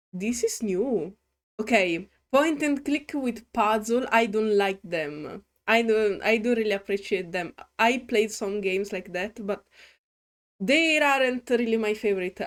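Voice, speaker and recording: A woman's voice: medium pitch, unhurried. A woman with an Italian accent, chatting playfully while starting a new game as a gaming YouTuber. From Italy. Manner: playful and chatty, hums to herself. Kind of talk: casual game commentary. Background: faint game music.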